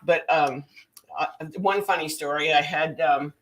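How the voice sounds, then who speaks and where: Low-pitched woman from Canada, nurse guest, chatty storyteller on a radio show. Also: unhurried, slight background noise. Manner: animated storyteller, fillers like "you know". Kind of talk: casual radio talk.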